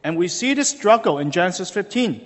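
A man preaching a sermon, telling the story with lively, animated delivery and acting out quoted voices. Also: high-pitched, a little fast, big-room sound. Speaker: pastor.

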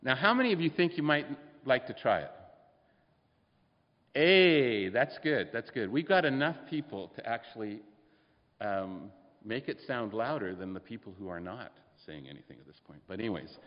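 A man's voice: medium pitch, sing-song, normal speed. A man preaching a sermon in a church, speaking conversationally and putting questions to the congregation. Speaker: pastor. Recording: dull lo-fi recording with long hall reverb.

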